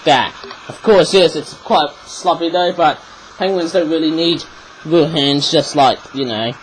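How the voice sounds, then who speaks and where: A man reviewing toys in a rambling, chatty way, with a frog in his throat that makes him clear it often. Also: on the high side, unhurried, slight background noise, low-quality recording. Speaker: toy reviewer. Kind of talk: casual video review.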